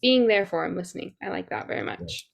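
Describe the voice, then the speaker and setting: A woman's voice: lowish voice, huge pitch swings, fast talker, vocal fry. A young woman moderating a school session, friendly and a bit giggly as she reads the questions. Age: young adult. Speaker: student moderator. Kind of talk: reading audience questions.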